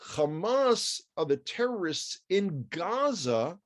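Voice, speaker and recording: A man's voice: high voice, big pitch swings, slow. A man with a New York accent giving a chatty news commentary, wry and full of asides and rhetorical questions.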